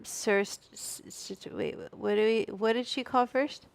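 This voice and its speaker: Slow, smooth-voiced woman rambling on a stream. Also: a little high, steady tone. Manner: rambling, chatty, reads out viewer names and swears freely. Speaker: livestream host. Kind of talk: casual livestream chat. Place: room at home. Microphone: studio microphone.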